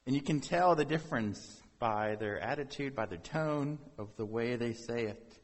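A man's voice: mid-range voice, normal speed, big-room sound. A man preaching a sermon as pastor, talking to the congregation in a conversational way with rhetorical questions.

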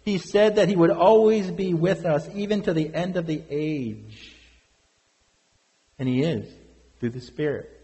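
A pastor preaching with earnest, questioning emphasis. His voice sits a little high for a man, and it rings with a long reverb in a church hall. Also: a little slow, long pauses, warm tone. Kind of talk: sermon.

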